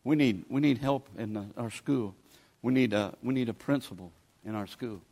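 A man's voice: mid-range voice, normal speed, dark tone. A man, preaching a sermon in a folksy, pleading, conversational way as a guest preacher. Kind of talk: sermon with altar call.

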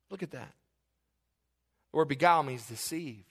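A man's voice: a little high, animated, normal speed, pauses often, pushed and bright. A man from Kentucky with a Southern accent, preaching a sermon with emphatic repetition and folksy asides. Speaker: pastor.

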